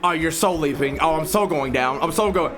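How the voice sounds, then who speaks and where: A man's voice: on the high side, fairly quick, over music. A young man streaming a live reaction. He talks to his chat with plenty of profanity and yelps when something startles him.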